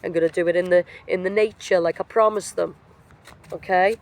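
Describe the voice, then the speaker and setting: A woman's voice: fairly low pitch, steady tone, a little fast. Woman tarot reader, sick-sounding voice; blunt, emphatic, slangy delivery, recorded outdoors. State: sick, voice affected. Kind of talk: casual motivational tarot reading. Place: outdoors in nature.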